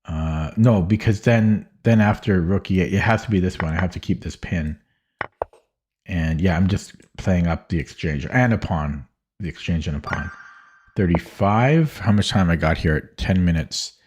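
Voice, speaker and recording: A man streaming from his home office, calmly talking himself through chess puzzles in a slow, musing way. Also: sits low, a little hiss or hum. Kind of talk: thinking aloud while solving chess puzzles.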